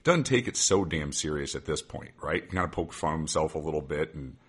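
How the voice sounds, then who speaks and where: A podcast host chats loosely and eagerly, often tossing in "right?". His voice is deep and slightly husky. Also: animated, brisk, a bit bright. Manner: enthusiastic, rambling, says "like" and "right?" often. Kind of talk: casual chat.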